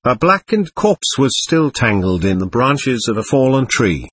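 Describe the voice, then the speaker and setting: A man's voice: medium pitch, very animated, a little slow, slightly rough, dry recording. A man narrating a war memoir in the first person, in a vivid, dramatic audiobook reading.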